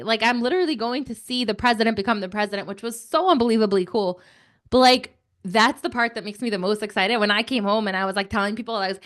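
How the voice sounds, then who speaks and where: A young woman telling an animated story to children, chatty and excitable, with lots of filler words. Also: mid-range voice, quick pace.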